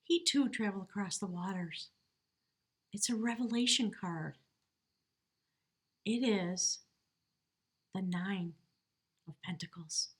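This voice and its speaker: A woman's voice: mid-range voice, slow pace, long pauses. A woman giving a casual tarot reading to camera, chatty and heartfelt, talking straight to the viewer. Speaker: tarot reader.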